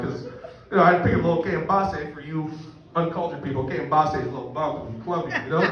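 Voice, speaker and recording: Crude rambling comedian in an echoey room. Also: male voice, fairly high pitch, a little fast, sharp tone. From Canada. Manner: crude, rambling, self-mocking. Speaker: stand-up comedian. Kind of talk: profane stand-up storytelling. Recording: echoey distant room mic, muffled.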